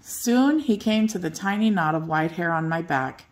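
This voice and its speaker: An older woman reading a children's bedtime story aloud in a gentle, expressive way. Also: fairly low pitch, moderate pace.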